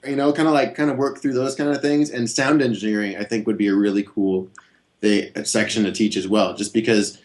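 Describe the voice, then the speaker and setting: A man being interviewed as a guest guitarist, talking in a relaxed, rambling way with many fillers and restarts. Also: fairly low pitch, a little fast. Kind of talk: casual interview chat.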